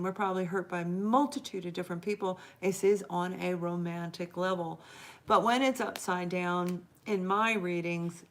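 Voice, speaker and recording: Hosting a live tarot session, this middle-aged woman talks directly to her audience in an earnest, encouraging way, her voice on the low side, stretching out each word she emphasizes.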